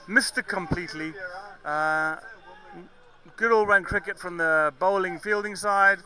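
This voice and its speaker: A man from Zambia with a mixed southern African and English accent commentates live cricket in a chatty, joking way. His voice sits high and rings very bright. He fixes his own slips as he goes. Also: moderate pace, low-quality recording. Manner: chatty, jokey, self-correcting.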